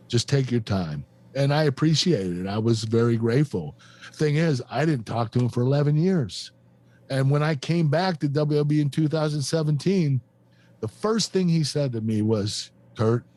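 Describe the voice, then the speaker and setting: A man in his fifties, a guest on a podcast, telling a painful personal story in a halting, emotional way with many fillers and restarts. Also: mid-range voice, a little mellow. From United States. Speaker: guest, former pro wrestler.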